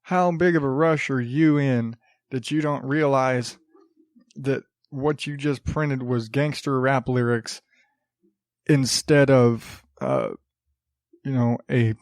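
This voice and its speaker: A man's voice: mid-range voice, steady tone, slow pace, no room sound, clean studio sound. A man hosting his own podcast, rambling and sarcastic, restarting sentences and chuckling as he mocks the news. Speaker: podcast host. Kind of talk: casual solo podcast monologue. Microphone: studio podcast mic.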